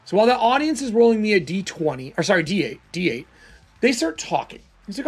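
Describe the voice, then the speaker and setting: A man's voice: high voice, sing-song, fast talker, slightly rough, soft background music. A man narrating a solo tabletop game casually, thinking aloud as he rolls dice.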